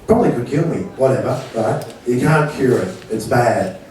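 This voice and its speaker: A man's voice: medium pitch, lively intonation, normal speed, a little mellow, a little hiss or hum. A middle-aged man, hosting a stand-up night with brash, profane, sarcastic banter. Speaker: comedy MC. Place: comedy venue stage. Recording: echoey room from far off with audience. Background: audience laughter.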